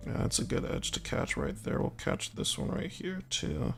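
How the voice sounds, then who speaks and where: A man casually chatting on a livestream while painting miniatures, quietly thinking aloud as he works. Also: mid-range voice, animated, moderate pace, gravelly. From Southern US (Alabama family). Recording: soft background music.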